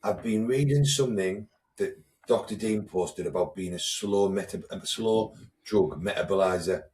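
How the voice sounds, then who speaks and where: A man's voice: sits low, moderate pace, a little mellow, echoey room, recorded from a distance, a little hiss or hum. A man co-hosting a casual podcast chat, blunt and swearing freely as he retells conversations. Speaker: podcast co-host, coach.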